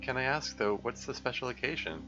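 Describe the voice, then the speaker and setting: A man's voice: mid-range voice, animated, fairly quick, lo-fi sound, over music, pitched above the performer's own voice, close to an everyday voice. A man voicing a kind, caring young woman who reassures her friend. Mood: grateful.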